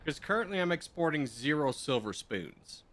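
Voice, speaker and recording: A man's voice: fairly high pitch, very animated, moderate pace, fairly bright tone, a little hiss or hum. A man casually commenting on his own gameplay while live streaming, muttering to himself as he builds and answering chat.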